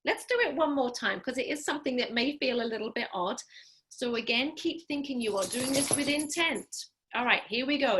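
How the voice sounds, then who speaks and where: A woman speech-language pathologist runs an online class of voice drills via video call from her home during a live program. Expressive, with a bright, forceful, somewhat high voice, she instructs clearly and deliberately, staying upbeat and encouraging as she leads the group along.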